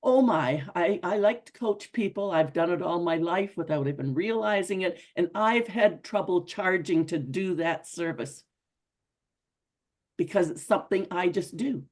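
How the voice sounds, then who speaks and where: At a women's club, a middle-aged woman with a fairly low, darkish voice gives an unhurried motivational talk. She sounds earnest and conversational, frequently restating things for emphasis.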